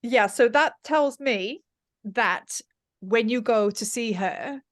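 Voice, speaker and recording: Spiritual teacher, woman, guided meditation and lively group chat on a video call. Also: a little high. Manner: soft, slow guided-meditation voice; lively, excited chatter with laughter.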